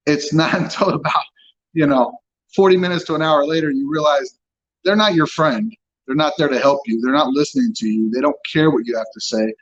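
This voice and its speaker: A man's voice: a little high, normal speed, lo-fi sound. A man telling his own story as an interview guest, blunt and frank, swearing freely as he talks. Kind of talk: candid personal account.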